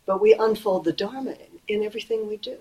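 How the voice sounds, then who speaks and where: A middle-aged woman giving a Buddhist dharma talk in a gentle, conversational way, slowing and softening on key phrases. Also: mid-range voice, rough recording. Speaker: Buddhist teacher.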